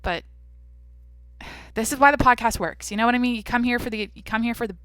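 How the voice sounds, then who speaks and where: Young woman, solo podcast host, blunt and foul-mouthed, tense bright voice, no room sound. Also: on the high side, fairly even intonation, fairly quick, dry recording, studio quality. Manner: brash, profane, blunt. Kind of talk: casual solo podcast chat.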